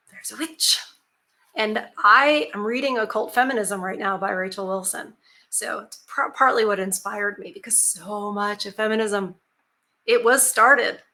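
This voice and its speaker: A woman's voice: medium pitch, sharp tone. A woman hosting her channel, chatting casually and reading a fairy tale aloud with frequent asides and emphatic rhetorical questions. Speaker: channel host. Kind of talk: casual commentary and storybook reading.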